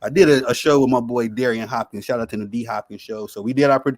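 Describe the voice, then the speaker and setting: A man talking casually about basketball picks, relaxed and laughing often. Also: medium pitch, quick pace, dry recording, studio quality. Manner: relaxed, laughing, easygoing banter. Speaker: podcast guest. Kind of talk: casual sports talk.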